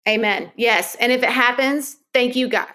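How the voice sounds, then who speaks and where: A woman's voice: on the high side, normal speed, sharp tone. A middle-aged woman, a podcast guest, talking openly and emphatically about her life and often laughing. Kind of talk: candid podcast conversation.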